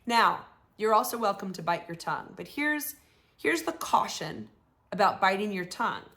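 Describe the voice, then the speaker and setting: A woman's voice: mid-range voice, expressive, normal speed. A woman life coach hosting her show, giving advice to viewers and acting out phrases they could say. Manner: warm coaching tone, acts out sample phrases.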